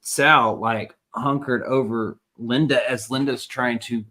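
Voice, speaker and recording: A man's voice: medium pitch, fairly even intonation, slow, pushed and bright. A man guest adding detail to a shared story in conversation. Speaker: podcast guest, paranormal investigator.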